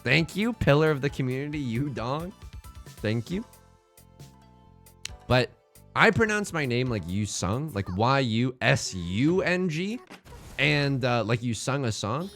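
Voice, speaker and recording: A man's voice: medium pitch, big pitch swings, unhurried, pauses often, fairly bright tone, faint music behind. A young man chatting casually while streaming a game, joking and rambling playfully as he plays.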